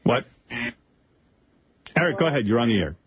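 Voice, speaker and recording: A man's voice: medium pitch, very animated, normal speed, crowd noise. A male radio host talking to a caller on air, incredulous and mock-reasoning. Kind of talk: radio talk show. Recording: dull archive radio audio.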